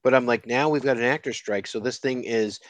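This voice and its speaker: A man's voice: medium pitch, brisk, no room sound. Frank podcast co-host man. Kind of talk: casual pop-culture chat.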